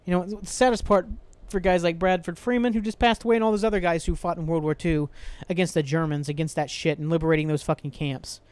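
A man's voice: a little high, steady tone, fast talker, darkish tone, smooth, no echo. A young man hosting a solo podcast, ranting angrily and profanely with frequent sighs and restarts. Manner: angry, profane, rambling rant with sighs. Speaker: podcast host.

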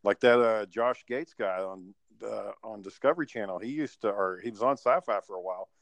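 A man's voice: lowish voice, fairly quick, gravelly, dry recording. Laid-back rambling male podcaster. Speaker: podcast co-host. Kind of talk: casual chat.

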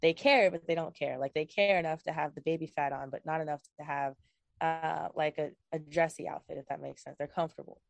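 A woman's voice: deep voice, fairly quick, gravelly, dry recording. Chatty young woman, dry sound. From Virginia, USA. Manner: animated and rambling, laughs often. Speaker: guest. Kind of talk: casual chat.

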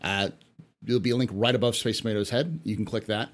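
A man's voice: fairly low pitch, fairly even intonation, fast talker. A man hosting a casual panel talk show, reading viewer questions aloud in an upbeat way. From United States. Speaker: podcast host.

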